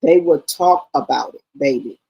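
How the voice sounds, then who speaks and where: Middle-aged woman, lowish husky voice, animated casual storytelling, livestream host. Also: normal speed, low-quality recording. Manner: animated, addresses listeners as baby and girl.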